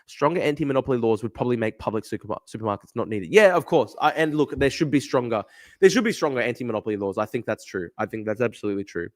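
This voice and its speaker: Reading his chat aloud on a livestream, a young adult from Australia riffs casually on the comments, wandering off and repeating himself. He sounds animated, with a middle-pitched voice and a very fast delivery.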